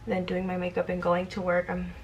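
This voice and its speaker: A woman's voice: fairly low pitch, monotone, brisk, muffled recording, a little hiss or hum. A woman in her twenties chatting casually while doing her makeup, rambling and self-deprecating. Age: 20s. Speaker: vlogger. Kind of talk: casual get-ready-with-me chat.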